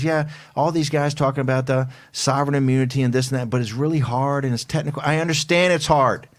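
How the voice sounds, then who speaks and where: A male talk show host haranguing his listeners in a forceful, hectoring way, often repeating himself. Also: mid-range voice. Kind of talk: fired-up political talk show.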